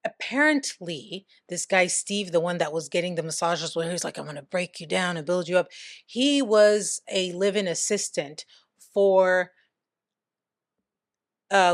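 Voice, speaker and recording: A woman's voice: mid-range voice, a little slow, no echo, clean studio sound. A woman giving casual commentary in a vlog, chatty, swearing now and then, and reading quotes aloud. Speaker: commentary vlogger.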